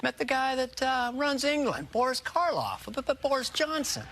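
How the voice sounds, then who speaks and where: A man's voice: extremely high pitch, very animated, normal speed, background noise, heavily acted. A man playing a rambling, bumbling elderly male president in a late-night comedy sketch, stumbling over names as he talks. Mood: jokey rambling.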